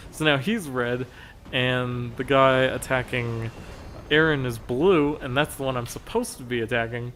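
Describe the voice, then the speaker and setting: A man at an everyday middle pitch talks through a raid fight in a game, step by step. He rambles, fills gaps with hesitations, and chuckles at his own mistakes. A faint hiss sits under his voice. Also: fairly bright tone. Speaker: gameplay commentator. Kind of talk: explaining a raid strategy over gameplay footage.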